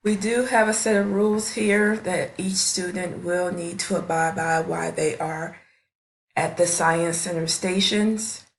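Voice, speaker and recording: Slow, gravelly-voiced woman teacher. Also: fairly low pitch, steady tone. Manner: slow, deliberate and instructional, with small slips. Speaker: fifth grade teacher. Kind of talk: presenting a classroom science center.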